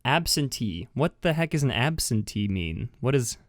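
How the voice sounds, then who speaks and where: A man hosting a podcast from home, talking casually and laughing at himself. His voice sits at an ordinary middle pitch and the sound is close and dry, with no room echo. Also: sing-song, normal speed. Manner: chatty, self-mocking, giggly. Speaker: podcast host. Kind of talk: casual chat. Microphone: webcam with mic.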